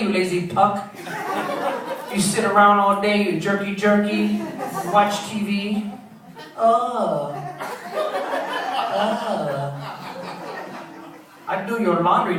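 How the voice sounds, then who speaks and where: A man's voice: high voice, recorded from a distance, background noise. A man voicing a furious foreign wife who scolds in broken English, in a stand-up act. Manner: yelling insults, clipped broken grammar. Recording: echoey club recording, loud crowd.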